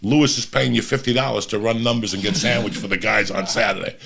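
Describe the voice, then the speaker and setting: A man's voice: on the low side, fairly even intonation, quick pace, gravelly, fairly bright tone, slight background noise. A middle-aged man from New Jersey, hosting a podcast and telling rambling, profane stories in casual chat. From New Jersey, United States. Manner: profane, rambling street storyteller. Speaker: podcast host.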